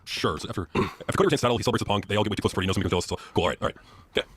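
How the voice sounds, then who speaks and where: Bright quick-talking male co-host. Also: lowish voice, breathy edge, dry recording, studio quality. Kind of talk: casual chat.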